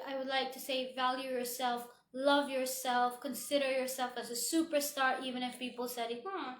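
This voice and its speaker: A woman's voice: sits high, fairly bright tone, slight background noise. Earnest woman in an echoey room. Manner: earnest, heartfelt, many fillers. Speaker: motivational speaker. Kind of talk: motivational vlog talk.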